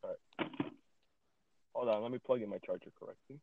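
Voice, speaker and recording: A man chatting casually on a podcast call, cursing often and quick to get frustrated and rant. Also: on the low side, gravelly. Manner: cursing, easily frustrated, ranting. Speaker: podcast co-host. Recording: tinny phone-like line.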